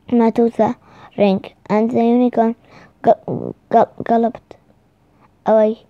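A woman reads a children's storybook aloud, slowly and haltingly, with restarts. Her voice is very mellow and a little high. The recording is dry and slightly dull. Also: fairly even intonation, no echo. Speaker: reader. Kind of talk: reading a children's book aloud.

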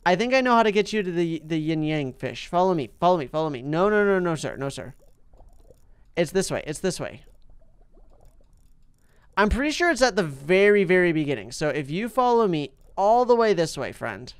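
A man hosting a mobile game commentary, chatty and excitable, talking to the on-screen fish and jumping up in pitch and loudness when something goes wrong. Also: normal speed, smooth. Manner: big jumps in pitch and loudness when upset. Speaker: gaming channel host.

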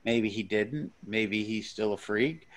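This stand-up comedian speaks slowly in a lowish voice. Appearing as a podcast guest, he keeps the casual chat blunt, meandering and full of swearing.

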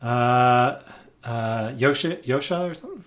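A man's voice: mid-range voice, unhurried. A man talking as a podcast guest in casual chat, eager and rambling, with many fillers and restarts. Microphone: podcast microphone.

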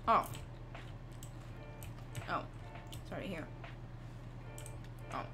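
Slow-talking giggly woman streamer. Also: music in the background. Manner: slow, drawn-out talk broken by frequent giggles. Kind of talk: casual late-night gaming chat.

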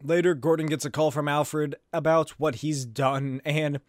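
A man's voice: a little high, steady tone, a little slow, no echo, studio quality. A man hosting a comedic comic-book recap, narrating with sarcastic asides and swearing. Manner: sarcastic, swearing, laughs at the pictures. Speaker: video host.

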